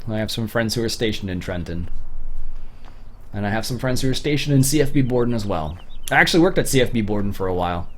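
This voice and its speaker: A man's voice: lowish voice, lively intonation, fast talker, a bit bright. A young Canadian man from Ontario chatting casually through a livestream, rambling with fillers and restarts. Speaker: streamer.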